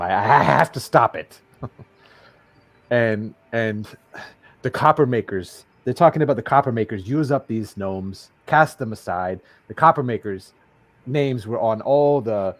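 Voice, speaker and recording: A man playing a tabletop game in character, talking in a halting way with many restarts. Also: fairly low pitch. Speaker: player.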